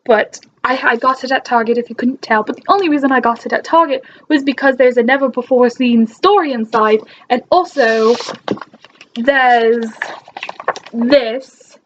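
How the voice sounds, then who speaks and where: A woman's voice: on the high side, fairly even intonation, normal speed, lo-fi sound, slight background noise. A young woman chatting in a casual vlog, talking in an imitated British accent. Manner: chatty and enthusiastic, with frequent restarts. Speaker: book vlogger.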